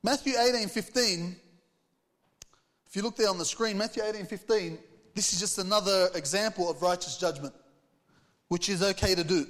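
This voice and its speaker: A man's voice: high-pitched, a bit bright, long reverb tail. A man preaching a sermon, reading scripture aloud and putting earnest rhetorical questions to the congregation. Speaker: pastor.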